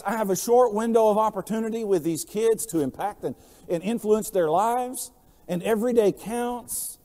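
A pastor preaches a sermon in a large hall, telling stories and swinging between quiet, low passages and loud, emphatic lines.

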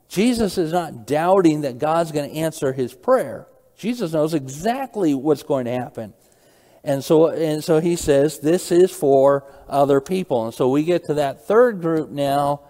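A man's voice: a little high, expressive, measured pace, dark tone, big-room sound. A man preaching an expository sermon, walking through scripture and asking the listeners rhetorical questions. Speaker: pastor.

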